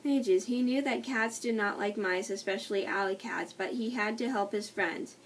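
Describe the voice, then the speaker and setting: A woman reading a children's book aloud, slowly and carefully, often stumbling and restarting words. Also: medium pitch. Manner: slow, careful reading with frequent slips and restarts. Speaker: storybook reader. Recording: distant mic with faint noise.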